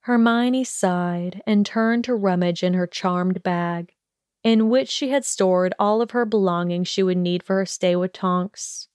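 A woman narrating a fan-fiction audiobook in a slow, even storytelling manner. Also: on the low side, clear, resonant tone, dry recording, clean studio sound. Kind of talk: scripted narration.

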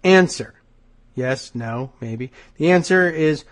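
Speaking at an ordinary pace in a higher-pitched voice, a man hosts a political podcast. He reads quotes from the news and adds dry, sardonic asides, and his nose sounds congested throughout his commentary.

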